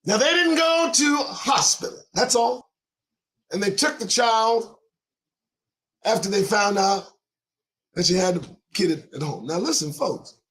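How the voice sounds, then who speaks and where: A man's voice: sits high, expressive, measured pace, pauses often, a bit bright, poor audio. A male podcast host giving a heated, profane commentary monologue on news items, firing off rhetorical questions.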